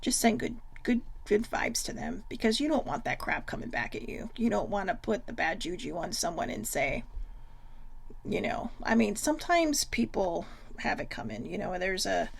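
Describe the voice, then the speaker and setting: A woman's voice: medium pitch, very animated, moderate pace, creaky, slightly rough. A woman hosting a casual self-love livestream, chatty and frank, swearing freely. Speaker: host.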